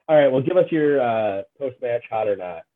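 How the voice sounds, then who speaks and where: A man co-hosting a casual sports podcast, relaxed and a bit hesitant, with lots of fillers. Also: mid-range voice, a little hiss or hum. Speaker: podcast co-host. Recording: tinny phone-like line.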